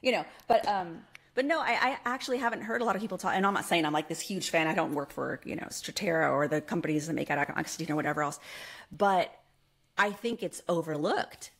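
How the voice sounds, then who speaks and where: A woman chatting as a podcast guest, rambling from thought to thought in quick bursts, her pitch jumping up when excited. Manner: animated, expressive pitch jumps. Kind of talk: casual conversational interview.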